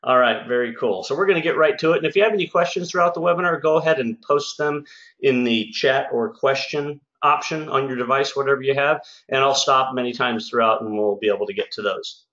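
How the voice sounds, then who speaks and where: Running a relaxed sales webinar for his home services company, the man talks in a cheerful, folksy, chatty manner, fairly quick, with a mid-range, slightly bright voice. Echo fills the room and the audio comes across a little dull.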